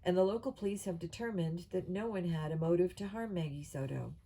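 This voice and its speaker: A woman reads the part of a serious male announcer narrating a mission video, laying out grim facts evenly. The voice is mellow and a little low. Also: brisk, husky. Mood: grave.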